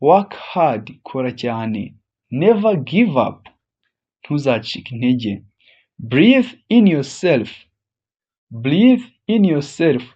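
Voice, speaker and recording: A language teacher runs a phrase drill, saying each English phrase twice, slowly and deliberately, then translating it. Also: medium pitch, big pitch swings, mellow, slightly rough, dull audio.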